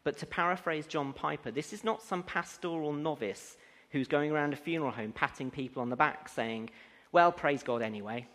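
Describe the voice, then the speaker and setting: A man's voice: on the high side, brisk, fairly bright tone. A man preaching a sermon who builds to emphatic, rising declarations. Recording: long hall reverb.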